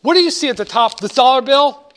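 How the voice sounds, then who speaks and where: High-voiced, joking finance lecturer. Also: male voice, animated, fast, a bit bright. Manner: joking, digressive, emphatic. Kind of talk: classroom lecture.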